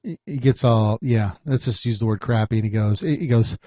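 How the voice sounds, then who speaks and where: A man hosting a podcast, a private investigator telling a story in a chatty, animated way. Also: mid-range voice, a little fast, no room sound, lo-fi sound. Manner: animated, chatty, laughs often.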